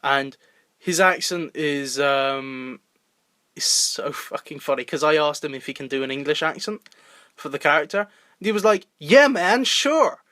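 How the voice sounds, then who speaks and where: A man's voice: on the high side, moderate pace, sharp tone, dry recording. A young man co-hosting a casual podcast, rambling with frequent laughter and repeated words. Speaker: podcast co-host and indie filmmaker.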